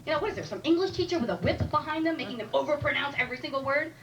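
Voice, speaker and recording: A woman's voice: high-pitched, expressive, very fast. A woman doing a stand-up comedy set in a club, chatty and wry, teasing the audience. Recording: live room recording from a distant mic with audible noise.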